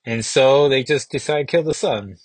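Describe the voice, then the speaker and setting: A man with a slightly husky voice of middle pitch talks through a comic issue in a relaxed, musing way. He thinks aloud and restarts his sentences now and then. The sound is dry and close. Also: moderate pace, no echo. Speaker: comic book podcast host. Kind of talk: casual comic recap.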